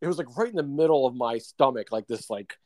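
A man's voice: mid-range voice, animated, fast, darkish tone, no echo. A man co-hosting a podcast, telling a long story in casual chat, full of fillers and laughs. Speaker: podcast co-host.

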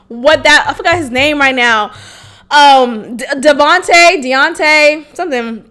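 Woman, late 20s, solo podcast host; high, bright voice; candid and casual, salty language, laughs easily. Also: moderate pace. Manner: frank and casual, swearing freely and breaking into laughter.

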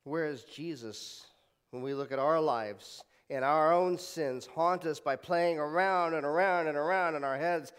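A man's voice: fairly high pitch, a little slow, clear, resonant tone, big-room sound. A man preaching a sermon as pastor, retelling scenes dramatically and leading the congregation in repeating scripture. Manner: dramatic retelling with swings from loud to hushed; leads congregation in call-and-response repetition.

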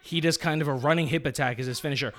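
A man co-hosting a casual podcast, chatting and breaking into excited play-by-play as he watches a match. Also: a little high, racing. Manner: excited, jumps into play-by-play commentary. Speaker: podcast co-host. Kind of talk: casual live-reaction chat.

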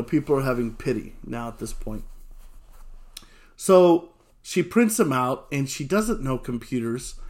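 A man telling a lively personal anecdote, acting out what people said and laughing along the way. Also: fairly high pitch. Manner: animated storyteller who acts out quotes and laughs often.

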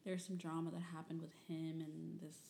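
A woman's voice: deep voice, flat delivery, a little fast, gravelly, warm tone, reverberant, slight background noise. A young woman from Michigan telling personal stories and reading old diary entries in a rambling, candid way, full of fillers and the odd curse. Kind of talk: personal storytelling.

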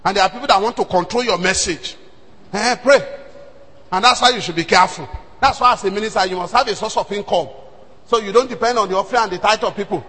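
A Nigerian pastor preaches in a very high, bright and forceful voice with a husky edge. He drops to near whispers and then bursts into shouts as he tells his story. His voice rings out with the long echo of a hall. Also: quick pace. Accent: Nigerian, Yoruba-speaking. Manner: animated storytelling, swings between hushed and shouting. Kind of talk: sermon.

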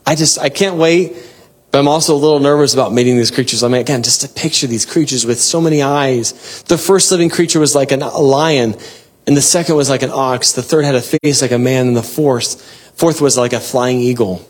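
A man preaching a devotional sermon and reading scripture, earnest and exhorting, with bursts of excitement and soft laughs. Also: medium pitch, fairly quick.

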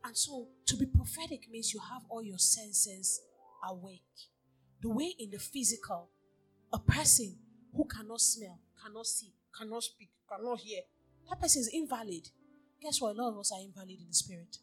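A woman preaching a sermon, telling stories and moving from hushed, near-whispered talk to loud exhortation. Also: a little high, lively intonation, moderate pace, husky, faint music behind.

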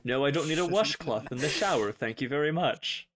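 A man's voice: on the high side, animated, a little fast, crowd noise. A man co-hosting a casual podcast, joking around and riffing on words and names. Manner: jokey, riffs on words and names. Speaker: podcast co-host. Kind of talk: casual chat.

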